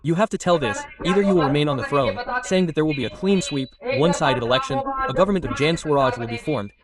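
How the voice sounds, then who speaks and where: A man's voice: fairly high pitch, sing-song, quick pace. A man being interviewed about politics in a heated exchange. He argues back hard and challenges the questions. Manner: combative, argumentative. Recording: distant mic with crowd noise. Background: crowd.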